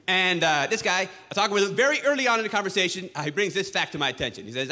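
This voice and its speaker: A man's voice: high-pitched, expressive, very fast, few pauses, bright, forceful tone, big-room sound. A man doing a stand-up comedy set on a club stage, ranting with exasperated sarcasm.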